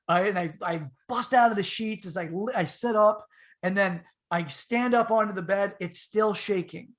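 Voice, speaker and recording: Middle-aged guy telling a story on a podcast, gets loud and high when he quotes himself. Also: normal speed. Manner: animated storyteller, voice rises sharply when quoting himself. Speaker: podcast co-host. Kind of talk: casual storytelling.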